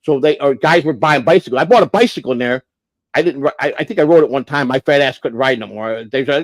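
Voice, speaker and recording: A man's voice: mid-range voice, fast talker, no echo. A middle-aged man from Chicago telling a rambling, profane story on a livestream, acting out what others said. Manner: profane, rambling, acts out quoted voices. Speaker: livestream host. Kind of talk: casual storytelling.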